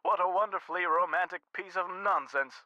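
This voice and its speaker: A man's voice: sits high, fairly quick, bright, forceful tone, no room sound, dull audio. An actor playing a refined, faintly pompous male carousel art expert who talks on the phone in a video game. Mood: genteel. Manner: precise, theatrical, faintly pompous.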